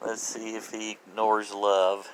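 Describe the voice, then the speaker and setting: A man making a casual home vlog, cooing to his pets in slow, high baby talk and chuckling often. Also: level tone, slight background noise, rough recording. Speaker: vlogger.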